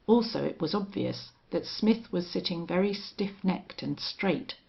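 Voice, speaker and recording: A woman narrating an audiobook in a steady, unhurried way. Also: on the low side, creaky. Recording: dull lo-fi audio.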